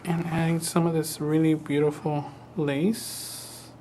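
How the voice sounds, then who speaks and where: A man teaching a craft project on a live stream, talking in a relaxed, hesitant way and often repeating words. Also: fairly high pitch, slow pace, slight background noise. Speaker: craft instructor. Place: studio.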